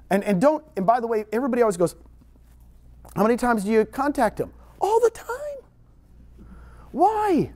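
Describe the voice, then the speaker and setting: Middle-aged Texan man, higher voice, animated seminar presenter, talks to a live room. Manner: animated storyteller, jokes with audience. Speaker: real estate trainer. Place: meeting room with audience.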